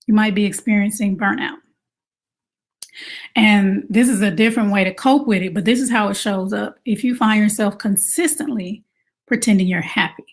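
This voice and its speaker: A woman coaching mothers in a casual advice talk, conversational and animated, asking rhetorical questions. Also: medium pitch, moderate pace. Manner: animated, acts out quoted moms in exaggerated voices. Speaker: self-care coach for mothers.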